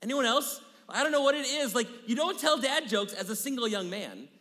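A man in his thirties preaching a sermon in a church, energetic, repeating key phrases and dropping into hushed asides. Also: very high-pitched, brisk. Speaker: pastor. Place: church sanctuary. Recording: long hall reverb.

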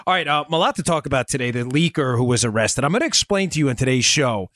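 A man's voice: medium pitch, animated, quick pace, a bit bright, no room sound, studio quality. A man in his forties hosting a political commentary podcast, talking emphatically to his listeners with sarcastic asides and stories. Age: 40s. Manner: storytelling, addresses listeners as folks. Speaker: podcast host.

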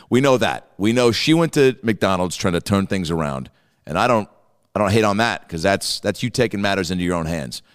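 A man's voice: low-pitched, normal speed, big-room sound. A man hosting a comedy reaction show, riffing profanely on a clip and acting out the people in it. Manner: animated storytelling, heavy swearing, acts out voices. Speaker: host reacting to a video clip.

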